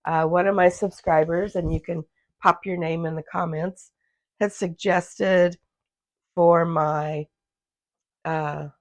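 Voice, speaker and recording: A woman with a slightly low, hoarse and gravelly voice, talking casually in her sewing vlog. She wanders off track and corrects herself as she goes. The sound is dry and close, caught on a phone in her home sewing room. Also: no echo. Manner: rambling, loses her thread and restarts. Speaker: handmade business owner, vlogger.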